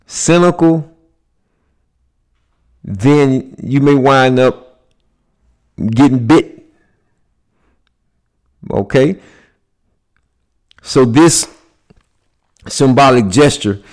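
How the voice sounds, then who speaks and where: A man from the United States giving a deliberate lecture on symbolism, pausing to check in with his listeners. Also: medium pitch, a little mellow. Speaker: speaker.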